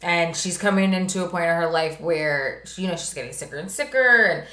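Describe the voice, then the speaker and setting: A woman's voice: fairly low pitch, brisk, bright, forceful tone. A woman co-hosting a podcast who talks casually and with energy, swearing freely as she retells scenes. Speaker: podcast co-host. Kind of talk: casual chat. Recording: roomy echo.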